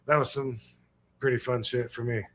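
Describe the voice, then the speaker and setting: A man's voice: medium pitch, level tone, moderate pace, a bit bright. A man hosting a casual talk show, telling a story in a laid-back, rambling way. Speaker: host. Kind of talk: casual chat.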